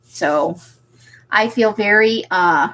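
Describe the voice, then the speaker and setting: A woman's voice: mid-range voice, takes it slowly, a bit bright, rough recording. A woman who runs a craft shop, hosting a casual livestream and chatting with viewers. She is self-deprecating and laughs often.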